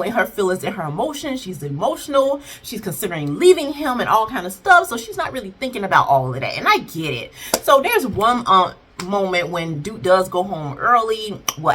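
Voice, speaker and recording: Animated, bright-voiced woman doing a show recap. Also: mid-range voice, a little hiss or hum. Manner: animated, playfully voices the characters in asides. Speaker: TV series reviewer. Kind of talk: casual recap commentary.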